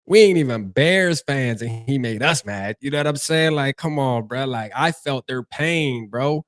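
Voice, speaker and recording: A man's voice: medium pitch, lively intonation, moderate pace, no room sound. A young man with a Charleston accent, hosting a casual fan livestream in a loose, slangy way and reading chat comments aloud. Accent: Charleston, South Carolina. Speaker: livestream host.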